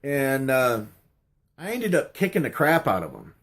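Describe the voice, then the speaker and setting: Very animated and a bit bright, this middle-aged man's medium-pitched voice keeps a measured pace as he answers a question tag on his YouTube channel. It's a casual storytelling vlog, and he rambles with lots of fillers and restarts.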